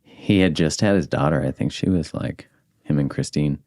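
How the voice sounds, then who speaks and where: Very deep-voiced man, candid podcast chat. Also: moderate pace, a little mellow, no echo, studio quality. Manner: candid, swears casually, reflective. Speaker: podcast host. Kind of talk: casual conversation.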